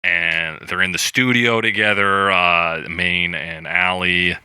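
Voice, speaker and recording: Deep, bright-toned man recapping a film. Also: slow pace, clear, resonant tone, no echo. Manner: animated retelling, acts out quoted lines, swears freely. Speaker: podcast co-host. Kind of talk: casual chat recapping a film.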